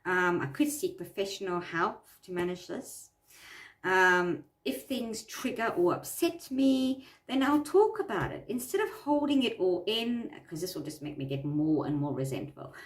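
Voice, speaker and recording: A woman's voice: lowish voice, very animated, moderate pace, distant mic. Earnest woman coaching, echoey room. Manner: earnest, repeats phrases for emphasis. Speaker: self-help coach. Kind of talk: talking through a worksheet.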